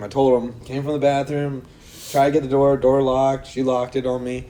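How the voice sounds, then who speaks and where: A man's voice: medium pitch, flat delivery, moderate pace, warm tone. A young man casually telling a long, rambling story to friends on a podcast, acting out quotes and swearing freely. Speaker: podcast co-host.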